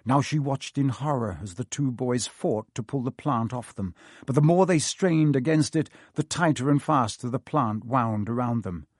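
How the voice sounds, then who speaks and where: A man reading a storybook aloud in an expressive, varied narration. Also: mid-range voice, moderate pace, no room sound, clean studio sound. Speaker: audiobook narrator.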